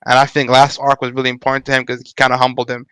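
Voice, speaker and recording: A man with a smooth but flat, even-pitched voice, recorded dry and close. He rambles through his points in a casual fan discussion, stumbling over fillers and restarts. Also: no echo, rough recording. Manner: rambling, halting, lots of likes and restarts.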